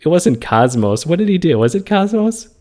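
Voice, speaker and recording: A man's voice: high-pitched, sing-song, moderate pace, mellow. A man co-hosting a casual movie podcast, rambling through the plot, restarting sentences and laughing often. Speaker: podcast co-host.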